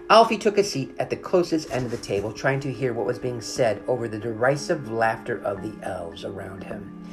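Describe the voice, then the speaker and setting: Very low-voiced woman reading a storybook. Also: fairly quick, soft background music. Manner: expressive, animated reading.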